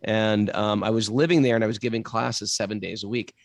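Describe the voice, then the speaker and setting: A man's voice: fairly low pitch, fairly even intonation, fairly quick, dry recording. A middle-aged man from New York with a New York accent, telling stories in a casual, colorful way, swearing lightly and acting out the quotes. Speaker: guest storyteller. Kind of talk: casual anecdotal storytelling.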